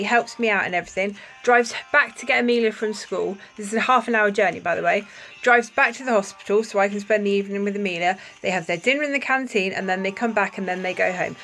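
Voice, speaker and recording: A woman's voice: mid-range voice, a bit bright, low-quality recording. A woman talking to camera in a casual vlog, emphatic and indignant with apologetic asides. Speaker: vlogger.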